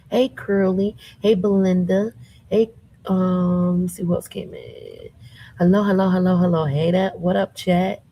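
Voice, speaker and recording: Woman livestream host, husky and low, emphatic and chatty. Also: very animated, a little slow, warm tone, low-quality recording. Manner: conversational, emphatic, rhetorical questions to chat. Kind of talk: casual live commentary.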